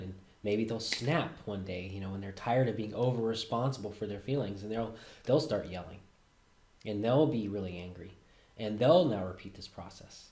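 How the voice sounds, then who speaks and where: Low-voiced man in a roomy echo. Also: moderate pace, darkish tone. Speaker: host. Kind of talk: spoken self-help talk.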